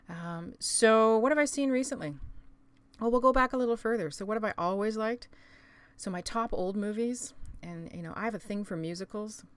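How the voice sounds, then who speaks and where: A middle-aged woman from Canada talks casually and chattily to her viewers, wandering off into asides. Her voice sits on the lower side for a woman. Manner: chatty, rambling, quick asides with fillers. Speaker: vlogger. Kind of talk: casual chat to camera.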